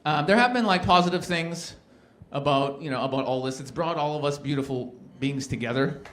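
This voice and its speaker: A man's slightly high voice comes at a fairly quick clip in this live stand-up set. The Canadian comic tells animated stories, performing the voices of the characters he quotes.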